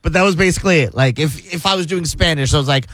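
A man's voice: a little high, fast, a bit bright, no echo. A man hosting a radio show, telling a story in casual banter and laughing often.

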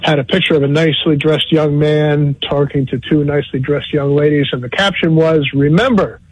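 A man's voice: fairly high pitch, level tone, brisk, husky. A man calling in to a radio show, friendly and telling an anecdote. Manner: friendly storyteller. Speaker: radio caller. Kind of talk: phone-in chat. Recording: dull, lo-fi call-in audio.

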